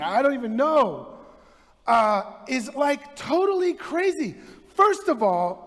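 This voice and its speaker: High-voiced, slow-talking pastor in reverb. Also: male voice. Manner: casual, chatty storytelling with many fillers. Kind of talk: sermon. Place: church sanctuary.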